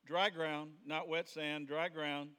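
A man's voice: fairly high pitch, flat delivery, slow, smooth, long reverb tail. A man preaching a Sunday sermon in a conversational way, acting out the quoted voices of the people in his stories. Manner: conversational, plays out quoted voices, rises to sudden shouts. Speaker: pastor. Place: church sanctuary.

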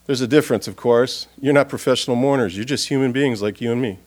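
A man preaching at a funeral, earnest and expressive, swinging from loud appeals to hushed, quiet passages. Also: medium pitch, fast. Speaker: pastor. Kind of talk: funeral sermon. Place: church or funeral gathering.

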